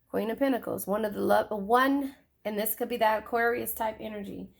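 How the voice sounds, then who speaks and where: A woman's voice: fairly high pitch, steady tone, fairly quick, gravelly. A woman giving a casual tarot reading, chatty and swearing, often repeating her phrases. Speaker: tarot reader.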